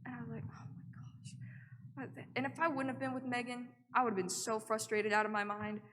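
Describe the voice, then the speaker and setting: A woman's voice: fairly high pitch, fairly even intonation, quick pace, fairly bright tone. Chatty young woman in a church hall. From Oklahoma. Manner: chatty, acts out her own quotes, many "like" fillers. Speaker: missionary giving a report. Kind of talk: storytelling church talk. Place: church sanctuary.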